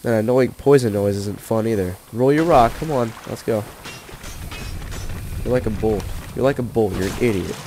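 A man with a low, dark voice commentates gameplay at a moderate pace, hushed because he's sick. He trash-talks the enemies out of exasperation, and slight background noise can be heard.

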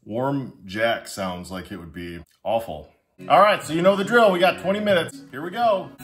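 A man's voice: mid-range voice, normal speed, a bit bright, soft background music. A young man hosting a casual vlog, talking to the camera in a chatty, upbeat, joking way. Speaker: vlogger testing drinks on a breathalyzer.

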